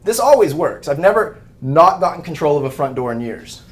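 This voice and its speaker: A man, an animal behavior trainer giving a lively live talk to rescue volunteers and acting out everyday scenes. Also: on the high side, brisk. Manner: animated, acts out scenes with shouted mock voices.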